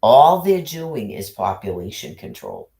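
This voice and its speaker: A man's voice: fairly low pitch, huge pitch swings, measured pace, creaky, dark tone. A man ranting into his livestream in an agitated monologue, cursing heavily and repeating himself as he piles up accusations.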